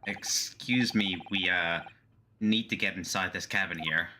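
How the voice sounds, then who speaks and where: A man's voice: low voice, measured pace, pushed and bright, slight background noise, full character voice. A man voicing a polite, nervous young male lawyer in a game, hesitant and stammering. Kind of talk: fan voice acting of a game.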